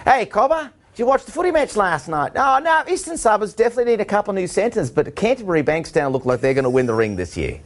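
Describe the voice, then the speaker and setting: A brash young Aussie footy bloke, as a man puts him on in a broad Australian accent. His voice jumps well above the speaker's own, loud and cheery. It sounds a little distant from the mic. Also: sits high, big pitch swings, fast talker, few pauses, pitched above the performer's own voice. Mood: bantering.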